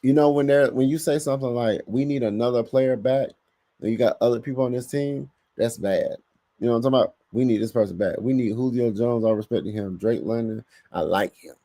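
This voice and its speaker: Animated man hosting a live sports stream. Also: medium pitch, brisk, no echo. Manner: animated, talks to chat, bursts of louder emphasis. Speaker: podcast host reading live chat.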